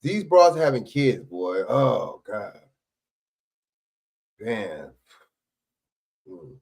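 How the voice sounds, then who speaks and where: A man's voice: mid-range voice, very animated, drawn-out words, vocal fry, a little mellow. A man hosting a livestream, arguing back at clips in blunt, profane casual commentary. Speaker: livestream host reacting to clips.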